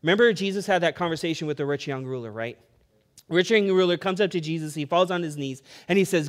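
Guy pastor preaching, chatty storyteller, kinda high voice, gets louder with the punchlines. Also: lively intonation, fast. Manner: storytelling with rising emphasis, conversational. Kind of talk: sermon.

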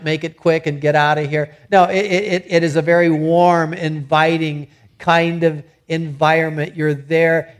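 A middle-aged man preaching a sermon in a conversational way, often restarting his sentences. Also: on the high side. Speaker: pastor.

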